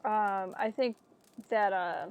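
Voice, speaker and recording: A woman's voice: mid-range voice, slow pace. A young woman streamer, chatty and playful, commenting on a video game live.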